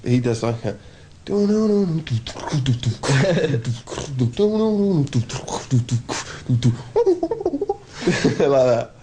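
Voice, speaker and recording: A man's voice: mid-range voice, moderate pace, a little mellow. A young man in his twenties with a mid-range voice, cracking playful, self-mocking jokes about his band. He talks in a loose, teasing way over a faint background hiss. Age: 20s. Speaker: band member. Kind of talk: casual interview chat.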